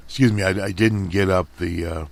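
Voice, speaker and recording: A man hosting a radio program, talking slowly through headlines with many fillers and restarts, his voice strained. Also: low-pitched, fairly even intonation, gravelly. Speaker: radio host. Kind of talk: casual commentary over headlines.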